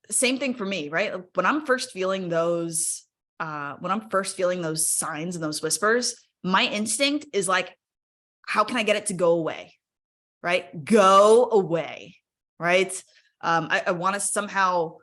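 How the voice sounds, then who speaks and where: A woman with a lowish, slightly bright voice talks casually in a live webinar. She's chatty and encouraging, frequently checking in with her audience by asking "right?" and inviting them to use the chat.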